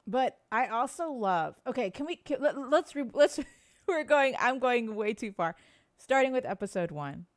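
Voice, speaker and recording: A woman's voice: fairly high pitch, lively intonation, normal speed, no echo, clean studio sound. A woman co-hosting a live podcast in casual chat, gushing and enthusiastic about what she is discussing. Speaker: podcast co-host.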